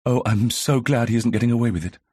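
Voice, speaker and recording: A man's voice: mid-range voice, quick pace, a little mellow, dry recording, clean studio sound, voice pushed up, lightly acted. A man reading an audiobook, voicing an anxious, frightened young woman who talks hesitantly. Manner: hesitant, breathy half-whisper. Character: nervous, anxious young woman, village heiress.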